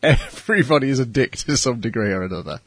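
A man chatting casually on a podcast, making measured, analytical points. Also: mid-range voice, lively intonation, husky, dry recording. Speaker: podcast co-host. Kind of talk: casual chat about anime.

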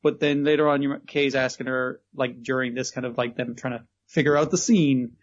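A man's voice: mid-range voice, fairly even intonation, brisk. Brief: man, podcast co-host, swears freely, exasperated recaps, dull lo-fi sound. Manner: sweary, exasperated, acts out quotes. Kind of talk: casual chat reviewing anime. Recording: dull lo-fi audio.

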